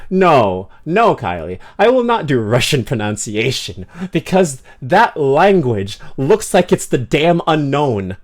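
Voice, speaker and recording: A man's voice: mid-range voice, sing-song, slow pace, few pauses. Joking man streamer, chatty and playful. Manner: joking, self-mocking, stumbles over foreign words; mock-dramatic outbursts. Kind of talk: casual livestream chat reacting to viewers.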